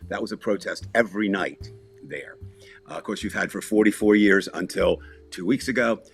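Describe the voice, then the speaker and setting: Husky low-voiced man telling a story. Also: moderate pace, faint music behind. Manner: rambling, with many restarts and asides. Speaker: podcast co-host. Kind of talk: casual storytelling.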